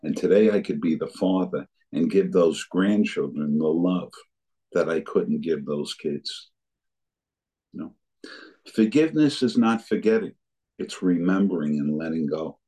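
A man's voice: low-pitched, lively intonation, a little slow, dark tone, husky, rough recording. An older man telling his recovery story as a personal testimony, earnestly acting out remembered conversations. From New Jersey area.

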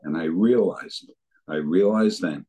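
A man's voice: low-pitched, measured pace, mellow, husky, poor audio. An older man telling his recovery story as a personal testimony, earnestly acting out remembered conversations. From New Jersey area.

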